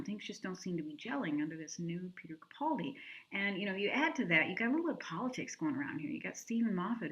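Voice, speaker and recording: A woman hosting a casual TV review video, chatty and opinionated with quick asides. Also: fairly low pitch, fairly bright tone, muffled recording. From lives in France.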